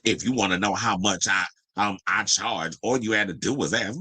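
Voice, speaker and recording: This male podcast host talks at a normal speed with hardly any pauses, his tone sharp and slightly rough. He reads celebrity news, then breaks off into unscripted, brash, profane and sassy rants, jumping to high exclamations. There's no echo, but the audio quality is poor.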